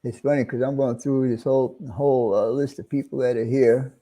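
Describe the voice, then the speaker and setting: A man's voice: mid-range voice, fairly even intonation, a little fast, dark tone. A middle-aged man with a New York accent, hosting a casual livestream and greeting viewers one by one with friendly chuckles. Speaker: livestream host.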